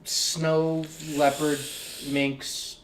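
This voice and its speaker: A man hosting a casual interview show, telling a story in a profane, animated way. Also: a little high, drawn-out words, echoey room, recorded from a distance, crowd noise. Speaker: host.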